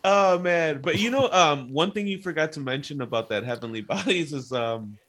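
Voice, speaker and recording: A man's voice: fairly high pitch, lively intonation, moderate pace, fairly bright tone. A man co-hosting a casual chat podcast, rambling with many fillers and frequent laughter. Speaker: podcast co-host.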